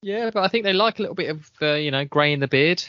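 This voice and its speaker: A man, co-hosting a casual chat podcast, chatty and quick to laugh. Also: a little high, expressive, dry recording, muffled recording. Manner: chatty, laughs often, trails off. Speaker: podcast co-host.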